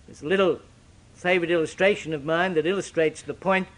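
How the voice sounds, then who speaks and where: An older man preaching a sermon, with dramatic, sweeping shifts in pitch and loudness. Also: steady tone, fairly quick.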